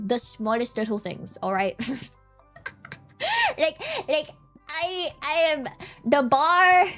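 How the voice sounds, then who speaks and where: A young woman streaming and chatting casually, rambling and giggly, often repeating herself. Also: high-pitched. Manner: giggly, rambling, repeats words, easily excited. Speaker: vtuber streamer.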